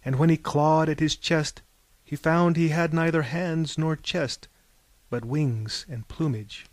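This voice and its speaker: A man reading a story aloud in a measured, lyrical way. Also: on the high side, steady tone, no echo. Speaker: narrator.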